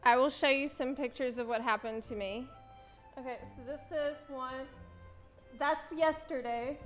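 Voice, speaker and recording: A woman streamer telling a story in casual chat, animated and laughing often, acting out the dialogue she quotes. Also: sits high.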